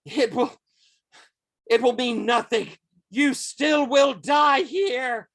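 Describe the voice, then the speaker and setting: A man's voice: extremely high pitch, takes it slowly, a bit bright, voice pushed up, exaggerated voice. A man voicing a cornered, defiant woman villain in a tabletop game, shrieking threats at the heroes. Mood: vengeful.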